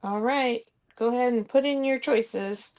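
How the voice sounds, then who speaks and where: A woman's voice: fairly high pitch, measured pace, darkish tone. A woman hosting a live craft-supply sale, chatting casually with ums and frequent laughs. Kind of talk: live-stream sales chat.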